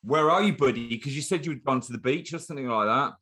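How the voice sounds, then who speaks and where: A man's voice: mid-range voice, fast talker, pushed and bright, slightly rough. A man hosting a podcast in casual chat, chatty and teasing, often restarting his sentences. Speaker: podcast host.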